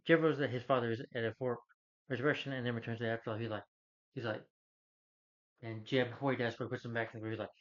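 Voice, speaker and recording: A man's voice: mid-range voice, fairly even intonation, fast, long pauses. Man rambling through a movie recap. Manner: rambling, loose retelling full of "he's like". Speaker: movie reviewer. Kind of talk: casual movie recap rant. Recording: dull lo-fi recording.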